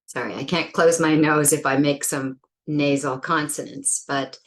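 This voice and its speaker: A woman teaching English pronunciation, speaking slowly and deliberately and exaggerating sounds to demonstrate them. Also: sits low, steady tone. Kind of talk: explanatory pronunciation lesson.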